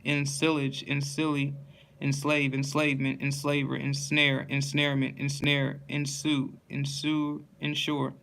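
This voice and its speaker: Flat-voiced man reading word lists. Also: mid-range voice, unhurried, creaky, slight background noise. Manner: monotone word-by-word reading with stumbles and restarts. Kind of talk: reading dictionary entries aloud in a steady list.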